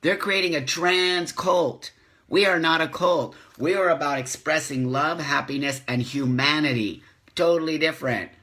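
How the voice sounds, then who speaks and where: Impassioned man in his fifties, bright voice. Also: fairly high pitch, moderate pace. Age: 50s. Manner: impassioned, preachy, repeats phrases for emphasis, swears. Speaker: host of a live stream. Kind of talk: live-streamed motivational talk. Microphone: phone or webcam, live stream.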